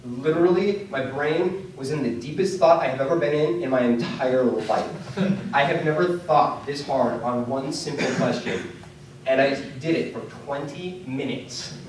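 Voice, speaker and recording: A young adult comedian performs stand-up before a live club audience, narrating stories and voicing the dialogue, occasionally escalating to shouts as people laugh. He speaks at a moderate pace with medium pitch, and the distant mic in the echoey room catches slight background noise.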